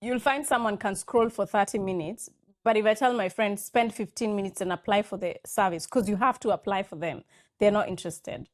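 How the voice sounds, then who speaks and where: A woman in her thirties, speaking as a guest in a relaxed conversation. She talks in a chatty, storytelling way and acts out the lines other people said. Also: medium pitch, brisk. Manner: chatty anecdotal storytelling, acting out quoted lines. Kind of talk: casual chat.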